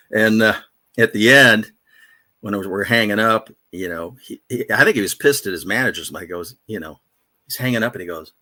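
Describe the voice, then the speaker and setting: Veteran male radio DJ, low voice, rambling anecdotes, dry studio sound. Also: animated, fairly quick, bright, forceful tone, no room sound. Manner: rambling, self-deprecating anecdotes with many fillers. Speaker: radio DJ guest. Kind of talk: casual storytelling interview.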